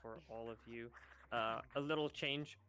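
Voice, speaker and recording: A man's voice: medium pitch, fairly even intonation, measured pace, bright, forceful tone. A man organizing a role-play event, briefing the group in a loose, rambling way with lots of filler words over voice chat. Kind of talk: casual instructions to a group.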